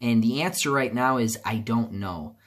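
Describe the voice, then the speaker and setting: A man speaks alone to camera in a loose, rambling vlog. He restarts sentences and leans on fillers, sinking into quiet, low stretches before bursting out louder. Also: moderate pace. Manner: rambling, many restarts and fillers, swings from subdued to loud outbursts. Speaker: YouTuber. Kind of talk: casual vlog monologue.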